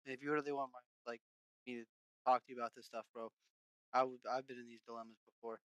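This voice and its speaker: Smooth-voiced man giving calm advice. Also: mid-range voice, quick pace, no room sound, poor audio. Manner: calm, advising. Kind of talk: casual chat.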